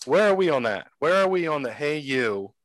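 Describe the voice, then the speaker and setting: A man's voice: a little high, animated, fast talker, dry recording. A man co-hosting a casual chat, opinionated but hesitant, with lots of fillers. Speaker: podcast co-host.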